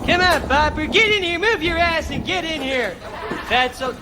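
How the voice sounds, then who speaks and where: A sneering, bullying young rock star. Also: male voice, very high voice, lively intonation, moderate pace, over a noisy crowd, very noisy. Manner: swaggering, insulting, shouting. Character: arrogant abusive young male rock star, cruel. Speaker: sketch comedy character. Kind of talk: sketch comedy acting. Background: audience laughter.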